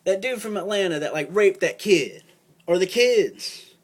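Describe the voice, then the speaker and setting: A man's voice: high voice, expressive, measured pace. A young man giving a casual, profane, rambling rant to camera, full of fillers and rising heat. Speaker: vlogger. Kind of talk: casual ranting monologue.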